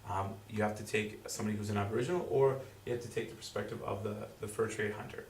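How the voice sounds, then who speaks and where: A man's voice: fairly low pitch, fairly even intonation, a little mellow. Man presenting to parents in roomy hall. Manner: halting, filler-heavy explaining. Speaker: school presenter. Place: school room with audience. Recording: roomy, distant, faint background noise.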